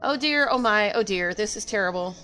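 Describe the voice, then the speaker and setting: A woman's voice: mid-range voice, animated, fairly quick, bright, forceful tone, faint music behind. Woman reading a fretful rabbit-folk worrier. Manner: fretting, pleading.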